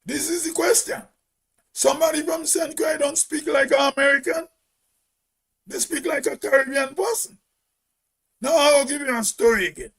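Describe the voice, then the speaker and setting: A man with a Grenadian accent giving an emphatic opinion monologue as host, with a big, loud voice and rhetorical questions. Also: very high-pitched, normal speed, pauses often.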